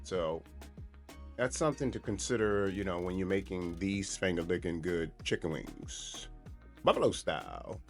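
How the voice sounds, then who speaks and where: A low-voiced man talks through a home cooking demonstration in a relaxed, chatty way, circling back on his words as he goes. Faint music plays underneath. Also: normal speed. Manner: relaxed, chatty, repeats and restarts phrases. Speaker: cooking show host.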